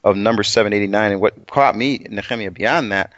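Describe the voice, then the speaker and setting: A man's voice: lowish voice, a little fast, fairly bright tone, no echo, lo-fi sound. A man co-hosting a casual Bible study chat, rambling and self-deprecating, with plenty of restarts. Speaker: co-host.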